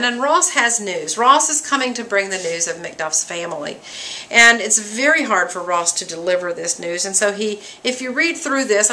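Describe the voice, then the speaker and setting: A woman's voice: mid-range voice, sharp tone, a little hiss or hum, low-quality recording. A woman teaching a class, reading quoted lines from a play and paraphrasing them in plain, everyday words. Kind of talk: lecture walking through a play.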